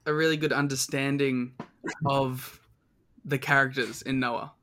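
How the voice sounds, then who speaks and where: A man's voice: medium pitch, level tone, a little slow, fairly bright tone. A man co-hosting a casual wrestling podcast, talking with enthusiasm and lots of fillers. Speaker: podcast co-host. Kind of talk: casual chat.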